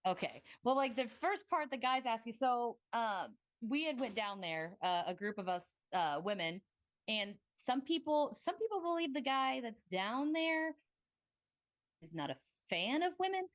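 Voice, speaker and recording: Excitable rambling woman podcast host. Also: on the high side, unhurried. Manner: rambling, excitable, swears casually. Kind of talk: casual conversational storytelling.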